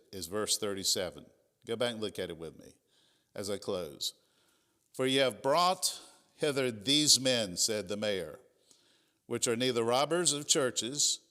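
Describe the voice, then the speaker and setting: A male pastor with a drawl preaches in a church, his mid-pitched voice carrying a long reverb off the sanctuary walls. He retells the scripture in plain, folksy words, talking to the congregation as if in conversation. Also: bright, forceful tone. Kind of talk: sermon.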